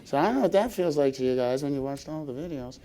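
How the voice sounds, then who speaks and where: A middle-aged man giving a humorous conference talk, animated and laughing often as he acts out little scenes. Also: a little high, fast. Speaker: conference speaker. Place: conference hall stage.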